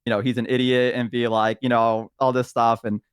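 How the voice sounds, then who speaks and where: Young man, guest, rambling storyteller, mid-pitched, dry close mic. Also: level tone, fairly quick, smooth, dry recording. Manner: rambling, filler-heavy storytelling. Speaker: stream guest. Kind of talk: casual storytelling about a tabletop game.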